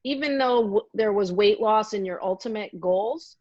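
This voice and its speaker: A woman health coach hosting an interview, asking questions in a halting way with many fillers. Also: mid-range voice, darkish tone, no room sound. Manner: halting, lots of "uh" and restarts. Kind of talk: casual interview. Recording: dry, dull lo-fi sound.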